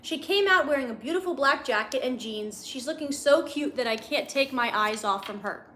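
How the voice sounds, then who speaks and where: A woman's voice: sits high, lively intonation, moderate pace, pushed and bright, a little hiss or hum. A young woman livestreaming from home, reading fan fiction aloud and breaking off to laugh and make sarcastic remarks. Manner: laughs often, mocking asides. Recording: echoey room.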